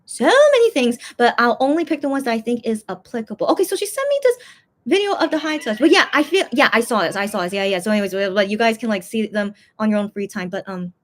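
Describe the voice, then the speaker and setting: Woman, slightly high voice, casual solo fan chat with lots of "um" and restarts. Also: animated, fast talker. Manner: rambling, many fillers and restarts. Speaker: fan vlogger, channel host.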